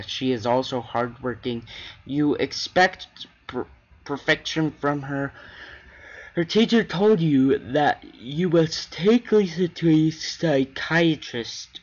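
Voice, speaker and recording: Man haltingly reading game text aloud. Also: on the high side, highs cut off. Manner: halting, with frequent restarts and stumbles. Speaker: gaming channel host.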